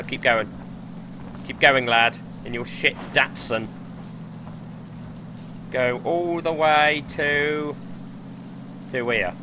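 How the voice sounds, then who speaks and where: A young man streaming gameplay live, excitable and swearing as he talks himself through the match. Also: medium pitch, noisy background. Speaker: gaming streamer.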